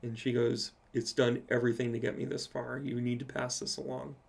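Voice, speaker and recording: A man's voice: medium pitch, flat delivery, fairly quick, creaky, a little mellow, slightly rough. A man, a psychic medium, telling a personal story in a casual live Q&A and swearing freely as he goes.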